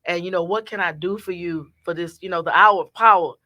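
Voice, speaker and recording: A woman hosting a Christian talk show, asking questions in a playful, animated way and cheering her guest on. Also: on the low side, brisk. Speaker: host. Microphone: studio microphone.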